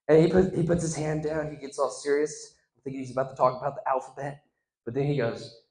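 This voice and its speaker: A man telling a stand-up comedy story to a live audience, swinging from loud crowd-work to hushed asides. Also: on the high side, fairly even intonation, quick pace. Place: stage in front of a live audience. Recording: echoey room.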